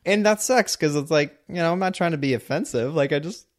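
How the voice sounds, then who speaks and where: Relaxed man chatting frankly. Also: on the high side, a little fast. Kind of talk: casual chat.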